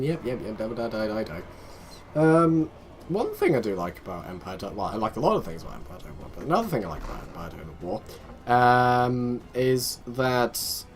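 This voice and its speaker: A young man chatting away as he plays a strategy game, thinking aloud and wandering off on tangents. His voice sits at a middling pitch, and a faint hiss of noise lies under it. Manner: rambling, chatty, talks to himself. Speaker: let's play host. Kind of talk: casual gameplay commentary.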